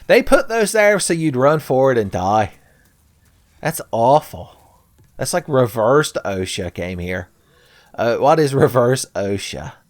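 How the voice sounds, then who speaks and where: A man commentates on a game he is playing, voice close and dry to the mic. He jokes in a sarcastic, profane way. His pitch sits in the middle. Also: very animated, slow pace, no echo. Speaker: gameplay commentator. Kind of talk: Let's Play commentary.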